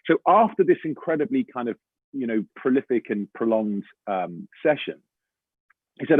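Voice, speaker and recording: A man's voice: medium pitch, moderate pace, husky, dry recording. Chatty English guy over tinny line. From England. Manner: animated storyteller, chatty, says mate and man a lot. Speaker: voice actor guest. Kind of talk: casual panel chat.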